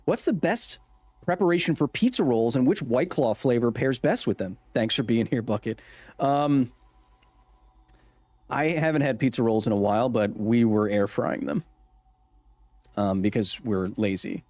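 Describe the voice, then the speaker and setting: A man hosting a gameplay livestream, reading out chat messages and answering them with offhand jokes. He talks at an ordinary pitch into a close microphone, and the sound is very dry. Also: measured pace, darkish tone, husky, dry recording. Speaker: livestream host.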